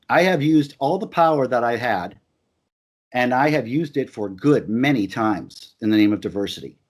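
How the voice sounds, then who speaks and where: In a heated conversational discussion, a man with a mid-range voice talks emphatically, repeating his points and restarting with stammers.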